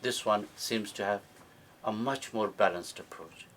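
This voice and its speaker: A man's voice: lowish voice, measured pace, a bit bright, slight background noise. A man giving an interactive teaching talk to a live audience at an event, quizzing listeners and often checking in with "yeah?". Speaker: speaker at a book launch.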